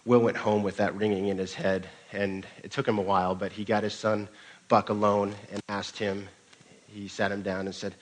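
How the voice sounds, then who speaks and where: Pastor guy giving a sermon, low voice, casual storyteller vibe. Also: flat delivery, moderate pace, poor audio. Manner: conversational storytelling with occasional restarts.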